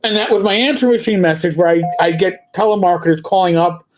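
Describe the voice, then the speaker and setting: A man's voice: high voice, fast. A middle-aged man from New City, co-hosting a casual livestream chat, rambling and stammering through stories. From New York City. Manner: rambling storyteller, stammers and restarts, slips into put-on voices. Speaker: podcast co-host.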